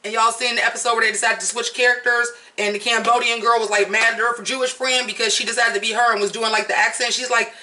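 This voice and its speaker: Bright, blunt American vlogger. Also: medium pitch, little pitch movement, fast talker, few pauses, recorded from a distance, low-quality recording. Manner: candid, chatty, blunt, swears freely. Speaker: vlogger reviewing a reality show. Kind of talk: casual commentary.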